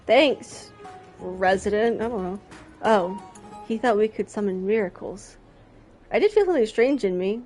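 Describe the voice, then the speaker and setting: A young adult woman giving casual gameplay commentary, chatty and excitable, often talking to herself. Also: mid-range voice, normal speed, soft background music. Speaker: streamer.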